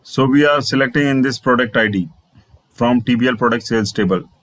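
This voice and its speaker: A man's voice: mid-range voice, fairly quick, a bit bright, dry recording, rough recording. Man teaching code, repeating himself. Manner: repetitive, restates phrases, spells out letters. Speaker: programming instructor. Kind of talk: screen-share coding tutorial.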